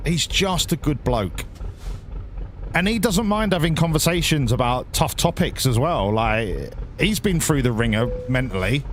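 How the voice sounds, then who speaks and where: A man's voice: medium pitch, sing-song, normal speed, slight background noise. A man chatting casually while streaming a driving game, rambling and swearing freely. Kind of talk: casual live-stream chat.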